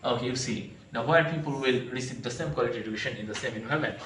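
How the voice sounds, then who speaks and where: A man's voice: medium pitch, a bit bright, slight background noise. Hesitant male teacher in an echoey room. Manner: hesitant, many pauses and repeated phrases; addresses listeners fondly as students. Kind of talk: classroom grammar lecture. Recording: echoey room, mic at a distance.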